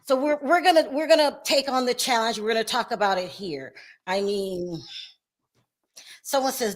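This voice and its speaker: A woman's voice: fairly high pitch, moderate pace. A woman hosting a casual chat show, talking loosely and laughing often. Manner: chatty, laughs often, trails off. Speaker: host.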